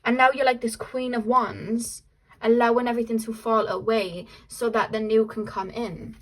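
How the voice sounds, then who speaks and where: A young woman talks through a casual tarot reading in a chatty, upbeat way. Her voice sits a little high. She trails off, restarts, and slips into quoting what the viewer is thinking. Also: flat delivery, moderate pace, a little hiss or hum, rough recording. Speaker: tarot reader.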